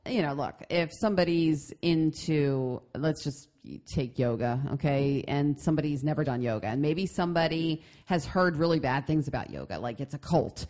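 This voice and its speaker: A woman with a notably low voice co-hosts a casual advice chat. She is middle-aged and talks in an animated way, circling back with restarts and fillers. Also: moderate pace, hardly any pauses. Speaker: podcast co-host.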